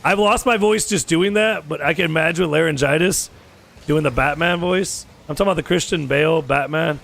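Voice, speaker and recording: Hoarse, gravelly young man streaming games. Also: on the high side, brisk, fairly bright tone. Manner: chatty, swears freely, calls people dude. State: hoarse, sore throat. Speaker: gaming streamer. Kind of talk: casual gaming chat with viewers. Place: home gaming setup.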